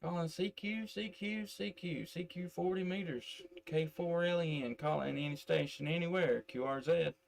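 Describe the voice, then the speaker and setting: With a voice on the high side, vocal fry, a moderate pace, and few pauses, a ham radio operator from middle Tennessee makes casual on-air contact through a desk microphone. He drawls in his Southern accent and fills his talk with fillers.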